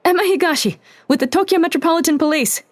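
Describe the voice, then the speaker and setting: A narrator voicing a tough young female police officer who speaks briskly and urgently in a raised, higher voice. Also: expressive, a little mellow, dry recording, natural voice. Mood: urgent shouting.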